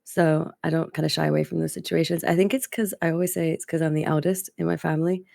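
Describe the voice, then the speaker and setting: A woman's voice: low-pitched, level tone, fast, gravelly, mellow, dry recording, studio quality. A woman game show contestant who answers in a direct, self-assured way. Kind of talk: casual answers.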